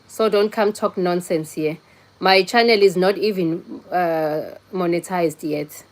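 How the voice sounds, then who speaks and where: A woman's voice: fairly low pitch, takes it slowly. A young woman hosting a casual livestream on her phone, chatting bluntly with viewers and scolding people in the comments. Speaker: livestream host. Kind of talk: casual live-stream chat with viewers.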